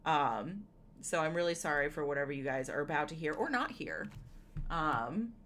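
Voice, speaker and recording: A woman's voice: low voice, animated, moderate pace, fairly bright tone, a little hiss or hum. A woman streaming from home, chatting casually with her viewers, giggling often and rambling through lots of fillers. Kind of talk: casual live-stream chat.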